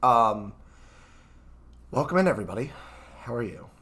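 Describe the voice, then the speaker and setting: In a relaxed livestream, a man with a stuffy nose reads from his own book in his room through the computer mic on his desk. His mid-range voice is animated, pushed, and bright, at a normal speed, and he chats with plenty of fillers and jokes at his own expense.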